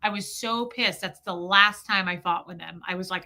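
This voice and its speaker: A woman's voice: fairly low pitch, moderate pace, hardly any pauses, pushed and bright. A woman hosting a live stream, talking candidly and emotionally, swearing freely and greeting viewers from the chat. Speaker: livestream host. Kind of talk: casual live-stream talk, reading chat.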